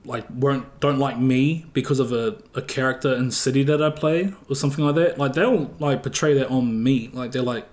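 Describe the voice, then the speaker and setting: A man's voice: medium pitch, moderate pace, few pauses, darkish tone. Laid-back New Zealand man, rambling chat. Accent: New Zealand, West Auckland. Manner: laid-back, rambling, heavy use of filler "like". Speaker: guest streamer. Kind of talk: casual podcast chat.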